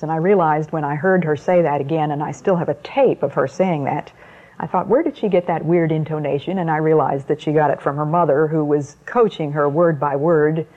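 A woman with a lowish voice delivers a sermon talk at a measured pace, letting weighty pauses settle between her phrases. Her words come through a muffled, lo-fi recording. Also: steady tone, dark tone. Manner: slow, deliberate, with weighty pauses. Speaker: Christian speaker.

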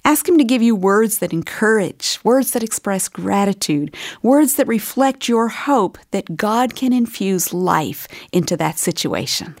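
Female radio host, gentle scripted wrap-up, gravelly edge, dry studio sound. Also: medium pitch, animated, unhurried, few pauses, no echo.

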